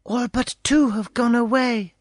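A man voicing a frightened young girl who is a prisoner's secret friend, speaking high and anxious. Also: fairly even intonation, unhurried, dry recording, studio quality. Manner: high, pleading and hushed. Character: frightened young captive girl, timid and tender.

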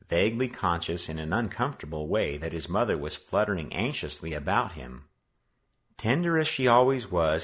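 A man reading a children's novel aloud in an expressive, measured way. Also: low-pitched, breathy edge. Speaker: audiobook reader. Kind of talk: read-aloud narration.

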